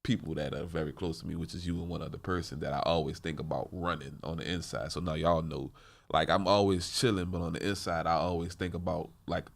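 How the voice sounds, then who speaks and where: A man's voice: low-pitched, fairly even intonation, quick pace, gravelly. A man hosting a podcast, talking in a laid-back, slangy, casual way. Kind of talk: casual chat.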